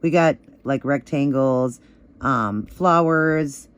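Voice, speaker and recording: A woman walks through a nail art tutorial in a casual, chatty way, with plenty of fillers. Her voice is a little hoarse and crackly. She talks at an easygoing, relaxed pace. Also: a bass voice, slow. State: slightly hoarse, voice still crackly.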